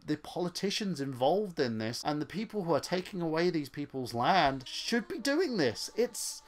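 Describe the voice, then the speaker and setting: A man's voice: a little high, sing-song, moderate pace. An English man vlogging, talking earnestly and rambling with many restarts. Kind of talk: casual opinion vlog.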